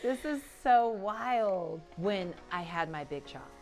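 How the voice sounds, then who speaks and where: A middle-aged woman hosting a casual chat, expressive and supportive, chiming in often. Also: medium pitch, slow pace, faint music behind. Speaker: host.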